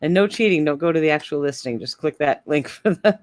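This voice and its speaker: A woman guest in a casual online chat, soft-spoken and giggly. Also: deep voice, animated, brisk. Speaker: guest co-host.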